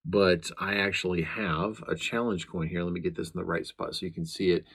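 A man's voice: low-pitched, breathy edge. A man who is a law enforcement chaplain and podcast host, talking casually to the camera in an earnest, meandering way with frequent restarts.

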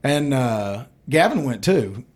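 A man's voice: medium pitch, very animated, slow pace, darkish tone. A man in casual chat, making teasing asides.

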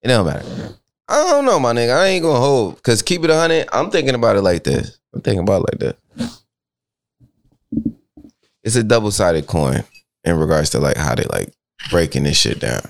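A young man co-hosting a podcast in casual chat, rambling and animated, jumping up high when he reacts. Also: brisk, creaky, long pauses. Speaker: podcast co-host.

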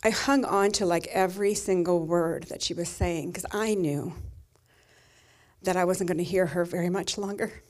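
A woman's voice: fairly low pitch, moderate pace, a little mellow. A middle-aged woman pastor giving a sermon, telling a personal story in a tender, emotional way.

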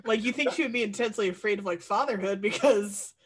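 A man's voice: sits high, quick pace, breathy edge. A man in casual conversation about a film, laid-back, chuckling often as he shares trivia notes. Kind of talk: casual movie chat.

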